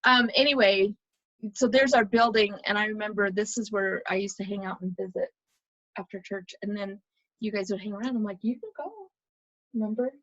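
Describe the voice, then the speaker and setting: A woman's voice: mid-range voice, fairly even intonation, brisk, fairly bright tone, dry recording, highs cut off. A middle-aged American woman in a casual, nostalgic chat while touring old places on a map. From United States. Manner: chatty, nostalgic, talks over a map tour. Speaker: vlogger.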